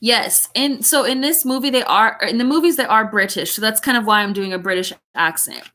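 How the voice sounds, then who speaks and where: A woman's voice: fairly high pitch, a little fast, sharp tone. A woman teacher reading a chapter book aloud, breaking off for chatty, giggly asides.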